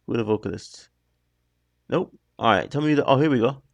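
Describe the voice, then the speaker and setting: With a gravelly, medium-pitched voice and lively intonation, a man speaks briskly on a recording with no echo. He hosts a reaction video where he rambles casually about the music, forever breaking off mid-sentence.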